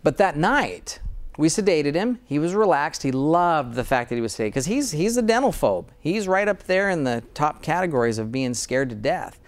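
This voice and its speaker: A man's voice: fairly high pitch, big pitch swings, normal speed. A man speaking as a dentist guest in an interview, earnest and enthusiastic, often restarting his sentences. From Utah, USA. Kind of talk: interview conversation.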